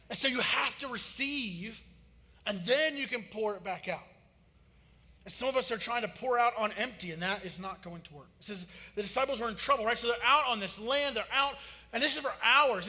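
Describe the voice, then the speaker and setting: A man, preaching a sermon in a casual, joking style that rises to loud emphasis. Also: very high voice. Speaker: pastor. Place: church sanctuary. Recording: long hall reverb.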